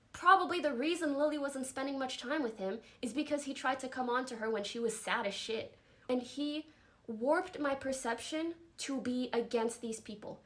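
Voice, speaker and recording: A young woman streamer giving an emotional, earnest statement, halting and apologetic and close to tears. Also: high voice, fairly bright tone.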